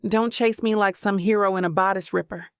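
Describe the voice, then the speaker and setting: A woman voicing a sharp-tongued young woman romance author with a Southern accent, snapping sarcastic retorts. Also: medium pitch, fairly even intonation, brisk, clean tone, no room sound, studio quality, natural voice. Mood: angry.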